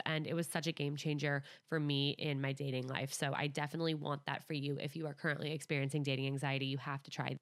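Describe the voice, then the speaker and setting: Young woman podcast host, low voice, chatty and upbeat, says like a lot. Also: flat delivery, quick pace, few pauses. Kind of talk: casual podcast chat.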